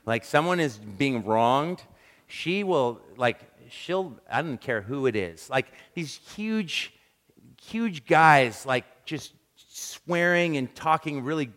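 A man preaching a sermon, telling animated, self-deprecating stories and acting out quick quotes. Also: mid-range voice. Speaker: pastor. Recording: long reverb of a large hall.

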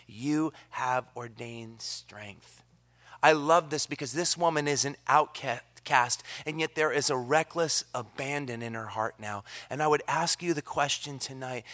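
A man preaching a sermon on a church microphone, energetic and earnest, swinging from loud emphasis down to hushed, almost whispered lines. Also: mid-range voice. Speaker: pastor. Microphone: handheld or stand microphone.

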